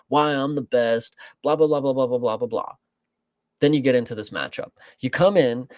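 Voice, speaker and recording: Gravelly man ranting about fights. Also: medium pitch, no echo. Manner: profane, rambling, animated. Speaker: podcast co-host. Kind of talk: casual sports chat.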